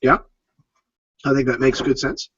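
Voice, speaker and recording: A man narrating as game master of a tabletop game, explaining with many pauses and ums. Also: medium pitch, fairly even intonation, fairly bright tone, slightly rough, no room sound. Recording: dull lo-fi sound.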